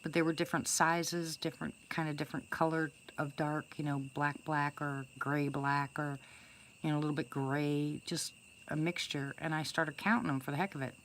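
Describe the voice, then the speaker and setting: A woman's voice: low-pitched, flat delivery, normal speed, slight background noise. An older woman casually telling a first-person story to her viewers, chatty and rambling, with many restarts and fillers. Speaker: storyteller greeting live viewers.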